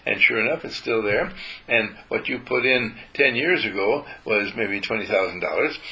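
A man giving a gentle spiritual talk to a group, telling stories and acting out how he talks to his dog. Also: lowish voice, creaky, rough recording.

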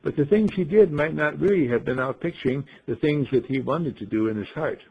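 A man's voice: a little high, a little fast, vocal fry, a little mellow, slightly rough. A man giving a storytelling talk, who asks rhetorical questions and playfully acts out the scenes he describes. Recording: dull lo-fi recording.

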